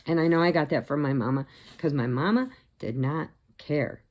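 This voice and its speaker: A middle-aged woman telling long, animated stories in a casual vlog, laughing at her own jokes. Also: low voice, moderate pace. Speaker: crochet vlogger. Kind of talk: casual storytelling.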